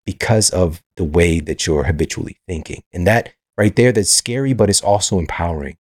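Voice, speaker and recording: A man's voice: sits low, brisk, dry recording, clean studio sound. A man hosting a podcast, talking earnestly and explaining in a casual interview. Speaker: podcast host.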